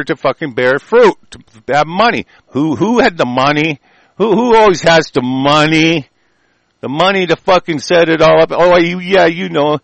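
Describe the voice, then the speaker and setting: A man giving angry, profane ranting commentary in reaction to the news, with shouted bursts and many halting fillers. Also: fairly high pitch, gravelly, dry recording, poor audio.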